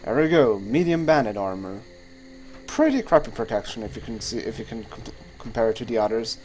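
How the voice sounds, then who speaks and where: A man's voice: medium pitch, fairly quick, darkish tone, slight background noise. A young man chatting casually over his gameplay as a let's play host, rambling, swearing freely and often trailing off mid-sentence. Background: faint game music.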